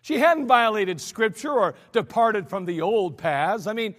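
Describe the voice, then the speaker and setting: American pastor, man; high pitch, conversational sermon with animated quotes, long church reverb. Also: measured pace. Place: church sanctuary.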